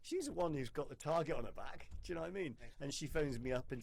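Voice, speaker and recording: A man hosting a podcast who tells stories in an animated way and swears freely in casual conversation. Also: a little high, quick pace, gravelly. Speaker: podcast host.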